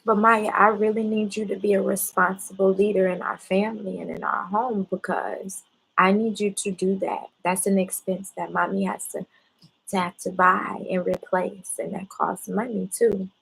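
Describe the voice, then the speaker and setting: Calm mother, near tears. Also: medium pitch, gravelly, slightly rough, rough recording. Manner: calm, measured, patient questioning. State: close to tears, holding back. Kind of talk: parent talking a child through a mistake.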